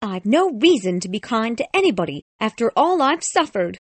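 A man's voice: extremely high pitch, very animated, normal speed, dry recording, pitched above the performer's own voice, heavily acted. A man reading a storybook aloud, voicing a bitter, vengeful old woman recluse who speaks wildly and sharply. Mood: angry. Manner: wild, sharp, demanding.

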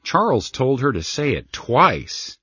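A man's voice: mid-range voice, big pitch swings, slow pace, sharp tone, breathy edge, no room sound, dull audio, exaggerated voice. A man voicing a rude, boastful young schoolboy with a blunt, cocky manner in a storybook reading. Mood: gleeful.

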